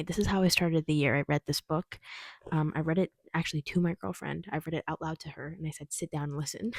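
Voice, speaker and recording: A woman's voice: sits low, slightly rough, no room sound, clean studio sound. A young woman at home casually reviewing books she read, chatty and digressive, laughing often. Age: young adult. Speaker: book vlogger. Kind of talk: casual book review vlog. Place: at home, indoors.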